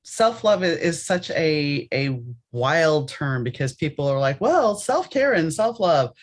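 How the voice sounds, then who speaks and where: A woman's voice: deep voice, very animated, a little slow. A woman hosting a podcast, speaking emphatically and directly to her listeners. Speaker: podcast host. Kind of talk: casual conversational interview.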